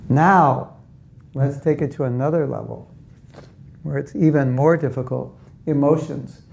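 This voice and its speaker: Speaking to a live audience, this man, a spiritual teacher, keeps his talk conversational, posing questions to listeners and voicing inner thoughts as quoted dialogue. He has a medium-pitched, gravelly, mellow voice.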